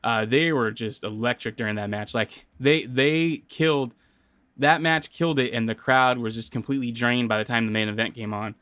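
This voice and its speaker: A man's voice: medium pitch, steady tone, normal speed, fairly bright tone, dry recording. Rambling man hosting a solo podcast. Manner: rambling, many fillers and restarts. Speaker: podcast host. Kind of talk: casual solo podcast talk. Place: home studio.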